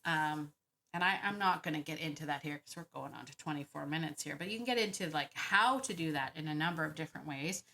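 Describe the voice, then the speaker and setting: A woman hosting a dog-training Q&A, talking casually and thinking out loud with frequent laughs. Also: low-pitched, fast talker, creaky. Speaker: dog trainer podcast host. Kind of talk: casual Q&A monologue.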